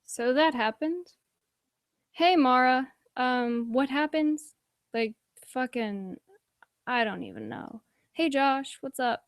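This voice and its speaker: A woman's voice: high-pitched, takes it slowly, long pauses, smooth, no echo, studio quality. A woman doing casual livestream commentary and reading her chat, rambling and swearing with lots of "like"s and sighs. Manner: profane, rambling, many "like"s and sighs. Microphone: desk microphone.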